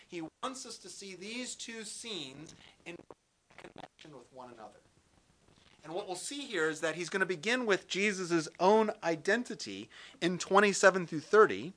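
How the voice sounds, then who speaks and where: A man teaching through a Gospel passage in a relaxed, conversational sermon style, reading scripture aloud and adding light jokes. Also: fairly high pitch. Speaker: Bible teacher.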